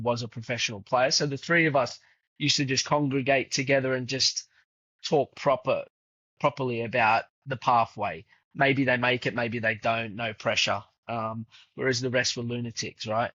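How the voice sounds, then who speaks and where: Here a footballer's dad in his fifties, guesting on a podcast, rambles through casual anecdotes with lots of fillers, voicing the quoted lines himself. His tone is sharp and his pitch mid-range, and the dry recording sounds dull and lo-fi.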